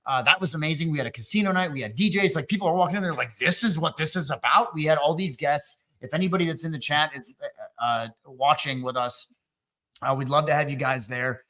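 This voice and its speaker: A Wisconsin man who coaches MSPs hosts an energetic business coaching webinar, talking loosely, joking, and using fillers. His voice sits on the high side and is a bit bright, and he talks fast.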